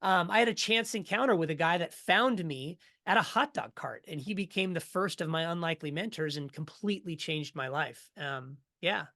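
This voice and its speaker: A middle-aged man, a podcast guest, telling his story in a casual, energetic way and acting out what others said. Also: fairly high pitch, moderate pace, few pauses. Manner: energetic, animated storyteller who acts out quotes.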